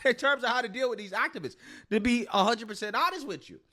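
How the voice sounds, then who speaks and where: A man's voice: extremely high pitch, fast talker, bright, forceful tone. A man hosting a reaction commentary, blunt and swearing freely, laughing between phrases. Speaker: commentary channel host.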